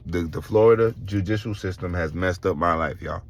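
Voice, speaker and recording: A middle-aged man, telling his own story in a casual vlog, animated and swearing, acting out other people's voices. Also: sits low, fairly quick, dull audio. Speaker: vlogger.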